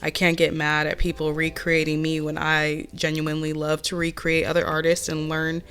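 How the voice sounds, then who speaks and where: A woman's voice: low-pitched, monotone, moderate pace, fairly bright tone, smooth. A woman with a nasal voice from a cold, chatting candidly through a casual voiceover Q&A as a nail artist and channel host. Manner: chatty and candid, with many fillers. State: sick with a cold. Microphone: home voiceover mic.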